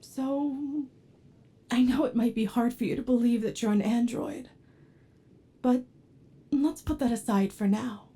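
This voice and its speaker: Casting: a woman playing a clingy yandere android for whispered role-play, high and mellow, soft and pleading. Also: unhurried, long pauses, close to an everyday voice. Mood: tender, anxious. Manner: soft and pleading, flaring into anger. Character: obsessive devoted yandere android, adult, unstable temper. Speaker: ASMR role-play performer.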